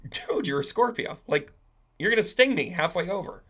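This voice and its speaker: A man's voice: high voice, very animated, moderate pace, fairly bright tone, voice pushed up, exaggerated voice. A man doing a laid-back dude of a frog. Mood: incredulous. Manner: slangy, easygoing, dude-talk.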